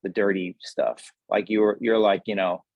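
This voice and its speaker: A man's voice: on the low side, fairly even intonation, unhurried, creaky, no echo, narrow, tinny audio. A man with a New Jersey accent, a guest actor talking in a wry, joking, rambling way. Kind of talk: casual interview.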